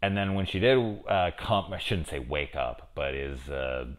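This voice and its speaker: Man, very deep voice, casual review talk, rambling, unsure, loud then mumbled. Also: normal speed. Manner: rambling, unsure, thinking aloud with many fillers; swings from loud excited questions to low mumbles. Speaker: TV review host. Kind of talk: casual spoiler discussion.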